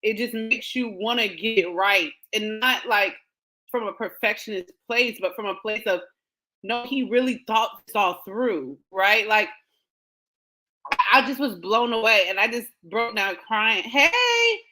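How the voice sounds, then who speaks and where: A woman hosting a show, telling a personal story in a casual, animated way with frequent laughter. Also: medium pitch, unhurried, rough recording. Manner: animated, laughing often, quotes others in dialogue. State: emotional, near tears. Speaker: podcast host.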